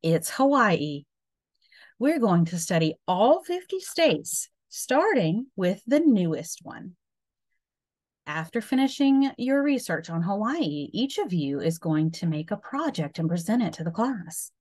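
A woman's voice: mid-range voice, sing-song, a little slow, darkish tone, voice pushed up. A woman voicing Mrs. Kelly, a firm female schoolteacher giving instructions.

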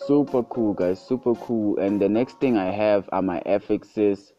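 Low, slow, relaxed man over beats. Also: dull audio, faint music behind. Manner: relaxed, repeats "guys" and "super cool". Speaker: music production tutorial host. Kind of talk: casual screen-recorded tutorial narration.

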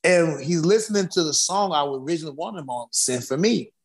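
A man guest on an interview podcast, telling stories with animated energy, acting out dialogue and laughing often. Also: on the high side, fairly quick. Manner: acts out dialogue and vocalizes drum rhythms. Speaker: guest musician. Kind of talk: animated storytelling.

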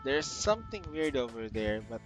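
Guy casually narrating his gameplay, middle pitch, loud game music behind. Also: normal speed. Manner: relaxed, rambling, reads game dialogue aloud. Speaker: let's play host.

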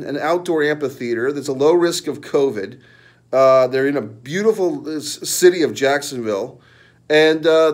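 A middle-aged man delivers a furious, profanity-laced rant, mocking fans and sneering at their worries. His voice sits a little high for a man, and he jumps between scorn and exasperated lecturing. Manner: angry, profane, mocking ranting. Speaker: wrestling commentary vlogger. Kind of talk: profane ranting monologue.

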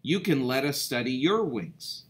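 A man voicing Wilbur, an eager young brother in a children's story read aloud, with an excited, raised manner. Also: mid-range voice, a little slow, close to an everyday voice.

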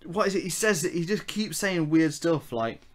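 Chatty young man, podcast co-host. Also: a little high. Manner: laughing, animated, mimics characters in quick impressions. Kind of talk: casual chat.

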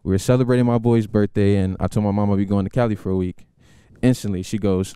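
A man's voice: fairly low pitch, fast talker, hardly any pauses, clear, resonant tone, dry recording. A young man doing stand-up, telling a story in a conversational way in a university TV studio. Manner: animated, conversational. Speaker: stand-up comedian.

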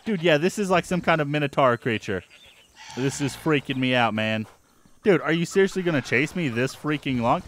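Jumpy guy narrating his game, voice a bit high, swings all over the place. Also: a little fast, a little hiss or hum. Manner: excitable, jumpy, yelps and exclaims at surprises. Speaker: gaming channel host. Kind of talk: let's-play commentary.

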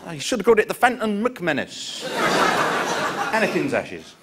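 A middle-aged man telling a sardonic stand-up story, his high voice swooping up and down. It is heard on a live recording with loud noise behind. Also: huge pitch swings, normal speed. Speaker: stand-up comedian. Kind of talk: stand-up comedy routine.

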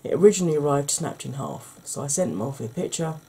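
A woman with a husky, croaky voice hosts a soft-spoken ASMR makeup tutorial, chatting gently to her viewers. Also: low-pitched, sing-song, fairly quick, a little hiss or hum. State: husky, croaky voice from a sore throat.

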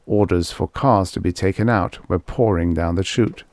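Low-voiced man reading a story. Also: moderate pace, a little mellow, no echo. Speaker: audiobook narrator. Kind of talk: scripted narration.

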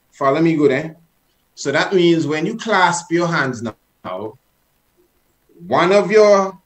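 A man's voice: mid-range voice, fairly bright tone. A man leading an exercise over a video call, earnest and coaxing, repeating commands with rising force. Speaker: presenter leading an online session.

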